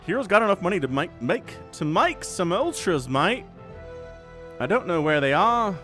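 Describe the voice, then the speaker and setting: Animated, excitable male game caster. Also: high-pitched, brisk, soft background music. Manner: animated, excitable, jokey asides. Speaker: esports caster. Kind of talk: solo game commentary.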